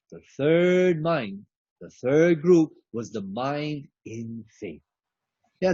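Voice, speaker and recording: A man giving an inspirational keynote address, preachy and emphatic, with drawn-out phrases. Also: a little high, darkish tone, slightly rough, dry recording. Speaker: keynote speaker. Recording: dull lo-fi recording.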